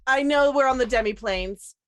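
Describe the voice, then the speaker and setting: A woman's voice: high-pitched, moderate pace, dry recording, low-quality recording. A woman playing a tabletop game, explaining her character's moves hesitantly with many fillers. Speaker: player. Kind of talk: casual tabletop play.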